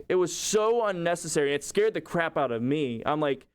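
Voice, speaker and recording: Man, streamer, slightly high voice, rambling chatty storytelling, filler-heavy. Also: normal speed, clear, resonant tone. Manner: rambling, lots of "like" and restarts; animated retelling, acting out quotes. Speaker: livestreamer. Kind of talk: casual storytelling to stream chat.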